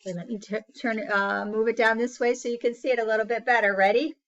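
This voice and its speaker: A woman's voice: fairly high pitch, steady tone, fast talker, a bit bright, dull audio. A woman teaching a phonics lesson to young children, patiently sounding out words and praising each answer.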